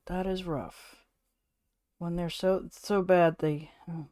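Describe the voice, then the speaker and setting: A woman streaming from home, chatting casually and rambling to her viewers, now and then cooing softly to her cat. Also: fairly low pitch, fairly even intonation, measured pace, dry recording, studio quality.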